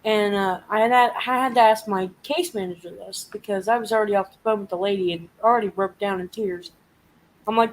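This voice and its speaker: A live stream host chats casually, swearing and venting as she animatedly retells a frustrating week. Her mid-range voice moves at a slightly quick pace with fairly even intonation. The recording is rough, with a bit of hiss or hum.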